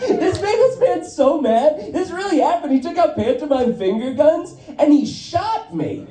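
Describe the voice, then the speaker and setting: Male stand-up comic, self-deprecating and profane, unhurried delivery, live room with a laughing crowd. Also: very high voice, animated, far from the mic. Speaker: stand-up comedian. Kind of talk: stand-up comedy set. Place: live comedy venue. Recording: roomy live sound, voice off-mic, crowd laughing. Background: audience laughter.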